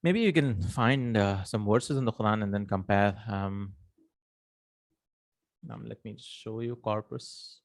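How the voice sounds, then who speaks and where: A man's voice: fairly low pitch, a little slow, no room sound. A man teaching an Arabic grammar lesson in English, explaining step by step, working Arabic terms into his speech and checking in with the listener.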